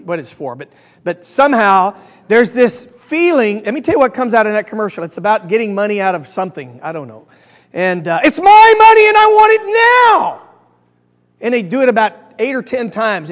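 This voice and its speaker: Middle-aged male Bible study teacher, chatty, animated, high voice, long hall echo. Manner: animated, chatty, asks the audience questions. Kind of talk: conversational teaching with jokes.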